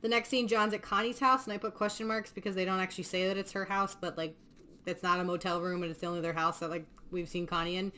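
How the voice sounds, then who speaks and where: A woman's voice: lowish voice, fairly even intonation, fast, pushed and bright, slight background noise. Woman, podcast host, casual movie recap, chatty, swears, laughs a lot.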